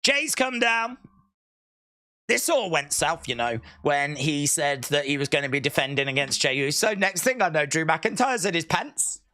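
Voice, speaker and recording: A speaker giving excitable live reaction commentary on a wrestling show, breaking into shouts and laughs. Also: medium pitch, normal speed. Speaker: wrestling watch-along streamer.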